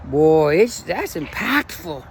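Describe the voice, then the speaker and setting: A man's voice: a little high, sing-song, takes it slowly, slight background noise. A man in his forties, a running coach, talking in an enthusiastic, emotional and rambling way in a casual motivational vlog. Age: 40s.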